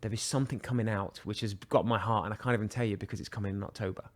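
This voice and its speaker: A man's voice: fairly low pitch, fairly even intonation, racing. Chatty British man, podcast guest. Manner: chatty, enthusiastic, frequent restarts. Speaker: guest, watch brand director. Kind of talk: casual podcast conversation.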